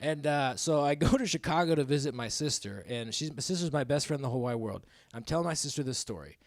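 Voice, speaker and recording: A man's voice: fairly high pitch, lively intonation, fast, no echo, clean studio sound. A man in his thirties doing a stand-up comedy set on a club stage, rambling and self-mocking, laughing at his own jokes. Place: comedy club stage before a live audience.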